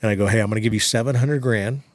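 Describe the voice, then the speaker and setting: Man, podcast guest, low voice, casual storytelling, swears a lot, dry sound. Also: very fast, no room sound. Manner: casual, profane, with frequent "like" fillers. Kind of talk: animated storytelling in casual conversation.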